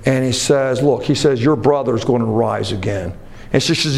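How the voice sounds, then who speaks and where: A man preaching a sermon, moving from low earnest talk to loud rising exhortation. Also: moderate pace, vocal fry, a little hiss or hum. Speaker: pastor.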